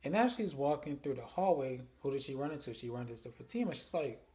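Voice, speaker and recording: A man's voice: mid-range voice, fast talker, few pauses. A man reviewing a TV episode in a casual, chatty way, retelling scenes and briefly acting out what the characters say. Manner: retells scenes, quoting characters in animated snippets; chatty and informal, heavy use of "like" and "she's like". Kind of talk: casual recap vlog.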